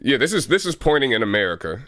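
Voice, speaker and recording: Man, bright voice, lively pitch, playful banter. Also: fast, dry recording, studio quality. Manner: playful, doing mock tough-guy voices. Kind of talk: casual chat.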